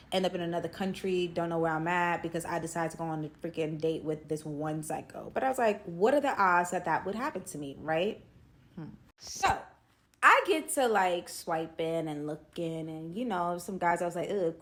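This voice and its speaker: A woman telling a casual storytime tale, slangy and animated, acting out the dialogue. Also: lowish voice.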